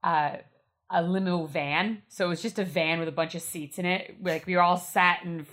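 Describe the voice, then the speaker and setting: A woman's voice: fairly low pitch, steady tone, normal speed, a bit bright. A woman in casual group chat, matter-of-fact and chatty, telling anecdotes.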